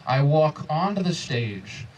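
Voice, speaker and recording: A man in his twenties doing a live stand-up set, his voice sitting on the high side. He bounces between exasperated asides and quick crowd banter. The sound is picked up from a little distance, like a live room recording. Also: big pitch swings, a little mellow, dull audio. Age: 20s. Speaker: stand-up comedian. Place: comedy club stage before a crowd. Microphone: handheld stage microphone.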